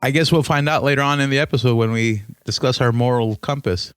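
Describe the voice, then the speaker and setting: A man co-hosting a casual comedy podcast, trading crude deadpan insults. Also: mid-range voice, brisk, clean tone, dry recording, clean studio sound. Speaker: podcast co-host.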